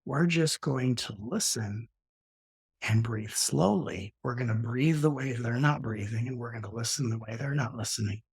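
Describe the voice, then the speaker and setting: A middle-aged man, a spiritual teacher, talking reflectively in an interview and slowing his speech to show calm breathing. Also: husky. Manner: slows down and softens to demonstrate calm breathing; acts out quoted arguments with sudden rises in pitch.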